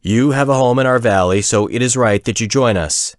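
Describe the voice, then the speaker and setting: A man voicing a gruff male gnome elder who speaks in a stiff, formal way. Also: mid-range voice, a little fast, dry recording, studio quality, pitched above the performer's own voice, close to an everyday voice.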